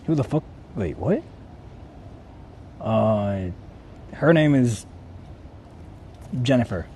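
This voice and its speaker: A young man vlogs outdoors in a city, a casual IRL vlog full of swearing, laughter and repetition. His warm, mid-range voice swings widely in pitch and moves very slowly. A little hiss or hum is audible.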